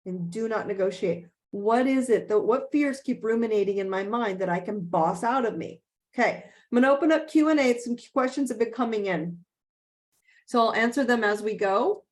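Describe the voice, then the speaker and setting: A woman with a fairly high voice leads a motivational group session over a video call. She talks emphatically, repeats key lines and keeps checking in with her listeners. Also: moderate pace. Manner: emphatic, repeats key phrases, frequent "okay?" check-ins. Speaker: life coach hosting a group session. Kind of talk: motivational talk and Q&A.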